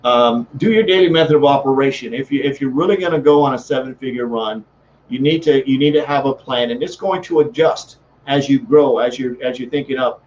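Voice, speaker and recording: A man's voice: mid-range voice, brisk, darkish tone, highs cut off, slight background noise. A man giving a motivational talk as a sales coach, fervent and repetitive, often restarting his sentences.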